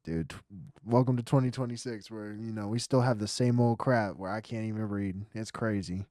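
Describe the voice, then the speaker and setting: A man's voice: lowish voice, fairly even intonation, normal speed, mellow, no echo. Young guy riffing over a game, slangy and jokey, dry sound. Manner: slangy, joking asides. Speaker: gaming video creator. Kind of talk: casual gameplay commentary.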